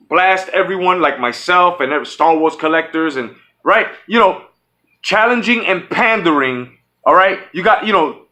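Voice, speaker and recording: A man's voice: sits high, sharp tone. A man hosting his own channel, ranting angrily and profanely, often repeating himself and restarting his sentences. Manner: profane, heated, repetitive. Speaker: channel host. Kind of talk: angry fan rant.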